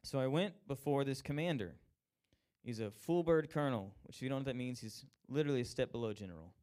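A young man telling a personal faith testimony, animated and self-mocking, acting out the people he quotes. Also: mid-range voice, fast talker. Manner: animated, acts out quoted voices, laughs at himself. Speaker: speaker sharing a personal testimony. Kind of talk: storytelling testimony.

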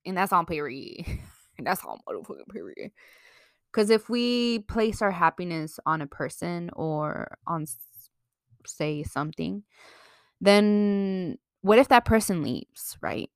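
A woman's voice: lowish voice, animated, slow pace, no room sound, clean studio sound. A young woman giving casual life advice to camera, chatty and frank, swearing freely and slipping into Mexican Spanish now and then. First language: bilingual, slips into Mexican Spanish. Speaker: vlogger.

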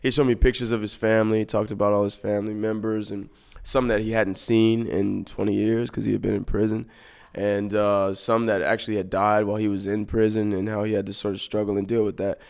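A man, an actor, guest in a casual interview, talking in a laid-back, rambling way that often trails off quietly. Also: on the low side, flat delivery, brisk, gravelly, smooth.

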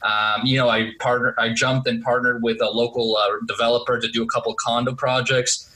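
This is a male interview guest with a bright, mid-pitched voice. He tells his story in a relaxed, easygoing way, full of "you know" and "um." The sound comes through a remote call. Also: fairly quick, low-quality recording. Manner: relaxed storyteller, many fillers. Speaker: podcast guest, real estate investor. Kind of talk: casual interview chat. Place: Boston area.

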